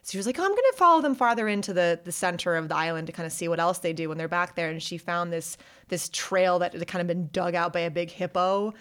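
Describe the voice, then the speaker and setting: A woman's voice: on the low side, fast talker, hardly any pauses, clean tone. A woman casually telling a story in conversation, acting out people's lines as she goes. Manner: animated storytelling, acts out voices in quotes. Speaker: podcast co-host telling a story. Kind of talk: casual chat.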